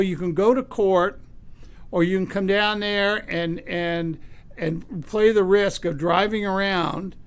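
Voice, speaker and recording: Man, radio host, high-pitched voice, halting storytelling. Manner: retells a phone call with quoted voices, many restarts and fillers.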